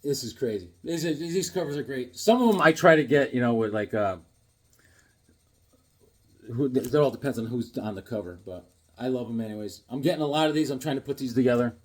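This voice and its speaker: A man hosting a casual vlog about his comic books, talking in a jokey, animated way with sudden exclamations. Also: mid-range voice, a little fast. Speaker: comic book vlogger. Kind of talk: casual show-and-tell vlog.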